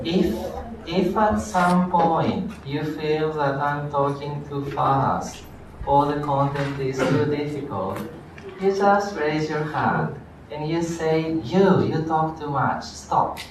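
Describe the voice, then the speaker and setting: Lecturer, slow measured delivery, distant mic in a very echoey classroom. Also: medium pitch, background noise. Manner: explains slowly, checks on students. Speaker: law lecturer. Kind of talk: university lecture.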